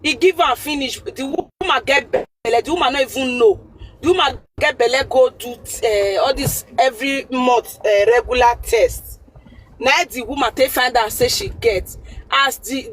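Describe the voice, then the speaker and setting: A woman's voice: high voice, moderate pace, a bit bright, faint music behind, low-quality recording. A woman caller with a Nigerian Pidgin accent giving earnest advice over the phone, repeating her points for emphasis. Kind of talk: call-in advice.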